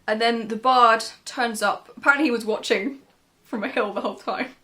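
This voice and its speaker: A woman with a somewhat high voice chats through a book's plot in a relaxed review. She drops dry, sarcastic asides as she goes. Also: moderate pace. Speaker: book reviewer. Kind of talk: casual book review chat.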